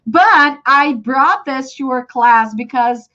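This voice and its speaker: A woman's voice: sits high, lively intonation, slow pace, sharp tone. A Brazilian woman with a Portuguese accent teaching a live online English lesson, chatty and full of fillers. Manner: chatty, explains with many fillers and apologies. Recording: dull lo-fi stream audio.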